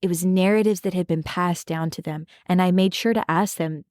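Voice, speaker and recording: A woman's voice: fairly low pitch, fairly even intonation, fairly quick, few pauses, a little mellow, dry recording. Earnest woman podcast host, dry close sound. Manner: earnest, emphatic, addresses listeners directly. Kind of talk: reflective podcast talk.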